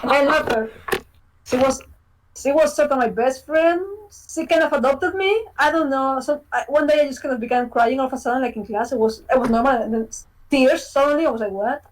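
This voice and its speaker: A young woman with a high voice is a guest on a casual interview podcast. She rambles through fillers and restarts and giggles often, and she is heard over a video call. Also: a little fast, slight background noise, poor audio. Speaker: game developer guest.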